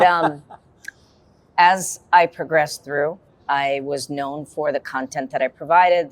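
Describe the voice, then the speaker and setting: A woman on a podcast panel, telling a story in a chatty, wry way. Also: extremely low pitch. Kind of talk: casual panel chat.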